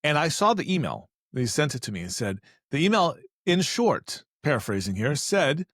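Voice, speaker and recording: Animated joking man, dry close sound. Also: a little high, normal speed, hardly any pauses, no echo. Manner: animated storyteller, acts out voices, joking asides. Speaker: e-commerce expert. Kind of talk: casual podcast conversation.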